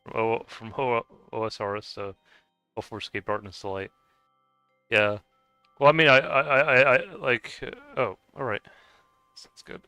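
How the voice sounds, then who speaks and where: A man's voice: medium pitch, fairly even intonation, moderate pace, pauses often, pushed and bright, clean tone, dry recording, faint music behind. A man chatting casually with viewers while gaming, rambling with lots of stammered restarts and frequent laughs. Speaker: streamer.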